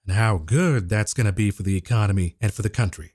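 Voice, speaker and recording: A man's voice: on the low side, animated, brisk, few pauses, a little mellow, husky, no room sound, clean studio sound. A man hosting a casual stock market commentary show, talking in an irreverent, sarcastic way.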